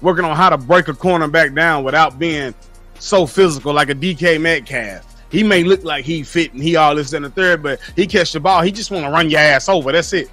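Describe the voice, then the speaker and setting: A man's voice: on the high side, brisk, sharp tone, faint music behind. A man on a casual livestream, reading his chat and lecturing his viewers in a blunt, profane way. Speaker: streamer reading live chat.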